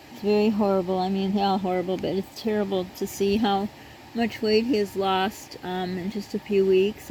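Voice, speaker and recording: A middle-aged woman vlogger who talks to her viewers in an earnest, rambling, halting way. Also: medium pitch, warm tone, a little hiss or hum, low-quality recording. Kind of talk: casual personal talk to camera.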